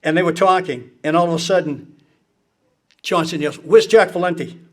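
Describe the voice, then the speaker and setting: A man with a notably high-pitched voice tells stories in a loose, conversational way. He is blunt and profane, and he throws himself into the quotes of the people in his stories. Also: steady tone, normal speed. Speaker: speaker recounting political anecdotes. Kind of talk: casual storytelling to an audience.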